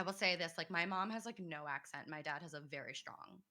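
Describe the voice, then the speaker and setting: A woman speaking earnestly in a casual panel discussion, animated as she recalls personal experiences. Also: low voice, fairly quick. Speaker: panel guest.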